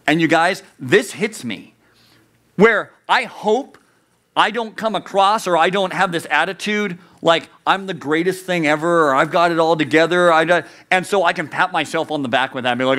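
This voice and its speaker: A man's voice: a little high, moderate pace, a bit bright. A man preaching a youth sermon, earnest and conversational, asking the listeners rhetorical questions. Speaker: youth pastor.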